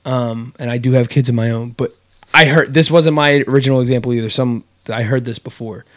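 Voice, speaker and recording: Animated storytelling man on a podcast. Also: mid-range voice, fairly quick. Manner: storytelling, animated, restarts often. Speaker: podcast host. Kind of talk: casual chat.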